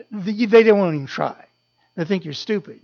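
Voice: mid-range voice, expressive, measured pace, vocal fry. Impassioned preacher, slightly dull recording. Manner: impassioned, repetitive, swelling then dropping to a hush. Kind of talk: sermon.

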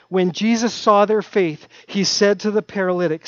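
A middle-aged man preaching a sermon in an earnest way, repeating his key phrases and dropping his voice to a hush at times. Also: high-pitched, fairly even intonation, normal speed, few pauses, no echo, lo-fi sound. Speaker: pastor.

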